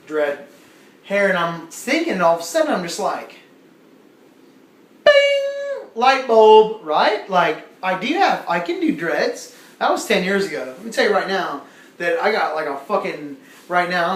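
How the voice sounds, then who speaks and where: A man's voice: on the high side, a little hiss or hum. Profane, rambling stand-up comic man. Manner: profane, rambling, animated storytelling. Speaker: stand-up comedian. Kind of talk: stand-up comedy set. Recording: echoey room with faint ambience.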